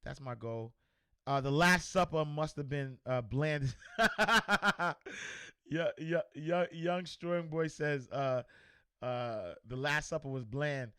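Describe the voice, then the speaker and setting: A man hosting a casual livestream, reading viewer comments aloud and giving shout-outs in a loose, repetitive way. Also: a little high, slow pace, smooth, no room sound. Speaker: host.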